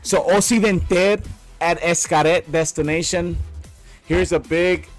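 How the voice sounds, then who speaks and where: A fed-up man vents about a bad hotel stay, blunt and profane, hammering his points by saying them twice. His voice sits a little higher than most men's. Music plays faintly under him. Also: fairly even intonation, slow pace. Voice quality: blunt, profane, repeats himself for emphasis. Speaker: vlogger. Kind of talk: angry ranting story.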